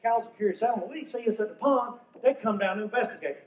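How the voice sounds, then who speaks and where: A man's voice: sits high, fast talker. An older man from North Carolina, telling stand-up comedy stories in a folksy way. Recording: echoey venue from far off, muffled.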